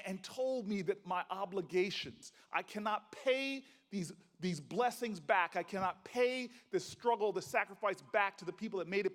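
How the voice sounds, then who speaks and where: A man's voice: sits high, fairly bright tone. A man giving an impassioned political speech at a conference, rousing and rhythmic with repetition and folksy storytelling. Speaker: senator giving a keynote. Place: large conference hall. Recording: long reverb of a large hall.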